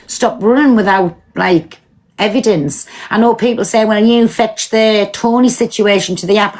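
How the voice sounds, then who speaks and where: A woman with a mid-range, slightly mellow voice runs a casual live stream from home. She talks bluntly, swears a lot, and fires back at commenters.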